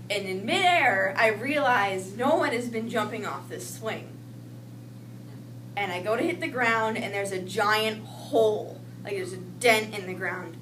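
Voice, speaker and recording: A young woman telling a personal childhood story in a lively way, acting out the voices she quotes. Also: mid-range voice, measured pace. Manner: animated, acts out quoted voices. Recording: echoey room with noise, mic at a distance.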